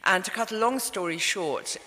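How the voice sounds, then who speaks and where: A woman's voice: mid-range voice, moderate pace, pushed and bright. A middle-aged English woman, an author, telling a story to a live audience in a wry, understated way. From England. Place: event hall. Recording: reverberant live venue.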